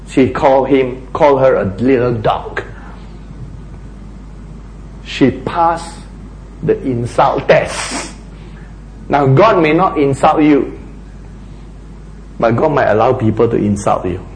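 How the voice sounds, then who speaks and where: A man preaching a sermon, emphatic and animated, often acting out quoted lines. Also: mid-range voice, slow pace, pauses often, slight background noise. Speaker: pastor. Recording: echoey hall.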